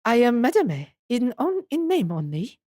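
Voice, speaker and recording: A woman's voice: fairly high pitch, sing-song, moderate pace, dark tone, no echo, clean studio sound, voice pushed up. A woman reading a theatrical female waxwork museum owner from a game in a put-on French accent, grand and mannered. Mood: haughty. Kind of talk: reading game dialogue aloud.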